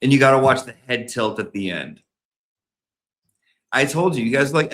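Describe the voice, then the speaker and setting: Young male host, campy, swearing, voice swooping high and low. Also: moderate pace, pauses often. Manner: profane, campy, jokey, lively pitch swings. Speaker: commentary host. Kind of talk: casual reaction commentary.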